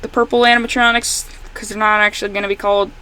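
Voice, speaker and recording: A woman giving casual, rambling commentary while playing a fan game she made, correcting herself often and breaking into excited outbursts at the characters. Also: mid-range voice, fast talker, slight background noise, low-quality recording. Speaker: fan game creator playing her own game.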